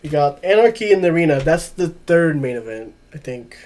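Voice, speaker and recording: A man co-hosting a wrestling podcast in casual chat, easygoing and quick to chuckle. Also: fairly high pitch, animated, a little mellow. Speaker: podcast co-host.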